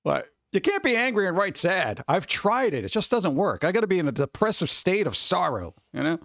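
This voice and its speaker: A middle-aged man with a high-pitched, fairly bright voice hosts a casual stream, talking a little fast with big pitch swings and some vocal fry. He sounds over-caffeinated as he rambles loosely with viewers, swearing and acting out the people he mentions. There's no room sound on the recording.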